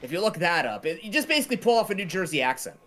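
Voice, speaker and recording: Animated man, chatty gamer. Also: high voice, rapid-fire. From Canada. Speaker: game runner. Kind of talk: casual commentary while playing.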